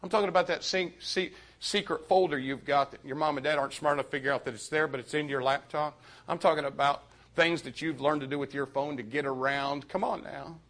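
A man preaching a youth sermon, moving from quiet confiding to sudden shouted emphasis. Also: fairly high pitch, steady tone, a little fast.

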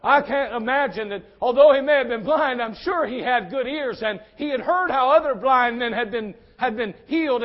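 Male pastor, high-voiced, impassioned sermon delivery, dull lo-fi church recording. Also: fairly quick, hardly any pauses. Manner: impassioned preaching with big swings in loudness.

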